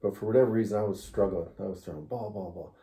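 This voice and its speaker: A middle-aged man tells a story in a relaxed interview, laughing as he talks. His voice is low and dark. The room gives it an echoey, roomy sound. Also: fast. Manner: animated storyteller, laughs often. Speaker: interviewee, father of the host. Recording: roomy echo.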